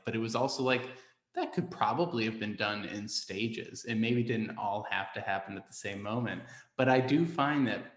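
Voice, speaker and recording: A man hosting a podcast, talking in a loose, reflective way with plenty of fillers. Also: fairly low pitch. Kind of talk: casual podcast conversation. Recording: roomy echo.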